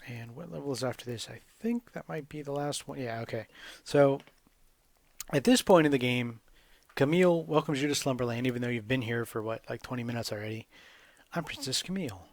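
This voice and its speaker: A man's voice: mid-range voice, fairly quick, vocal fry. A man casually commentating his gameplay with wry, sarcastic asides. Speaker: gamer commentating a speedrun.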